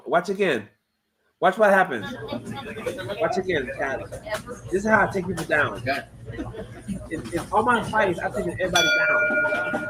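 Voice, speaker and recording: A man who fights in MMA, talking his livestream chat through footage of his own fight with repetitive, excitable play-by-play. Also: sits high, noisy background.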